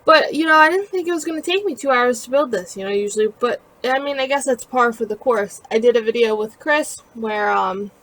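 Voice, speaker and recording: Chatty, rambling woman with a higher voice. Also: lively intonation, fairly quick, few pauses, fairly bright tone, rough recording. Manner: rambling, chatty, self-deprecating, with frequent fillers. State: tired and yawning. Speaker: gaming video creator narrating her build. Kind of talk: casual voice-over narration.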